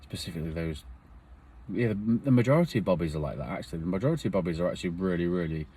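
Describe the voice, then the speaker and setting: Man, low voice, rambling and earnest personal storytelling. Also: animated, rapid-fire, dark tone, slightly rough. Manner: earnest, rambling, emotional retelling.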